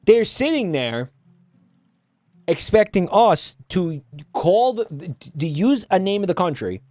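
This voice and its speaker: A man's voice: sits high, big pitch swings, slow pace, darkish tone, no room sound, soft background music. A man streaming and ranting at his chat, exasperated and swearing often. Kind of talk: casual stream rant.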